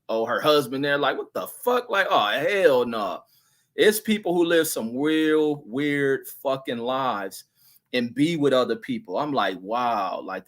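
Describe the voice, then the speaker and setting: A man's voice: medium pitch, fairly bright tone. A middle-aged man hosting a livestream, reading chat comments and telling loose, crude stories in a casual, profane rant.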